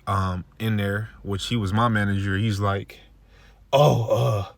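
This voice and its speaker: A man's voice: fairly low pitch, level tone, normal speed, fairly bright tone, no echo. A man giving a casual spoken religious testimony, laid-back and peppering his talk with "man" and "okay". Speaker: religious video maker.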